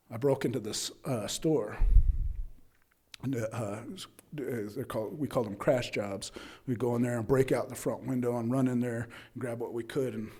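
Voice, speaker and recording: A man's voice: mid-range voice, darkish tone. A man from Utah giving a candid, rambling talk about his recovery at a meeting, checking in often with his listeners. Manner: candid, rambling, frequent "right?" and "you know". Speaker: AA meeting speaker. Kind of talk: personal recovery story told to an audience. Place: AA speaker meeting.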